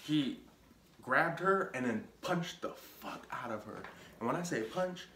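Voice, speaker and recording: A man's voice: mid-range voice, lively intonation, unhurried, bright, forceful tone, echoey room, a little hiss or hum. A young man telling a casual story on his vlog, rambling with lots of filler words and restarts. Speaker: vlogger.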